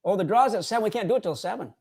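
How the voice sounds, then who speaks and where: A man from Canada co-hosting a fishing show livestream in casual chat, animated and quick to laugh as he reads out winners. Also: high voice, breathy edge.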